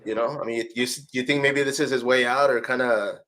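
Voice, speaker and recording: Fast-talking podcast host man. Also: medium pitch, steady tone, fairly bright tone. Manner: rambling questions with many "I mean" fillers. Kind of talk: casual podcast interview.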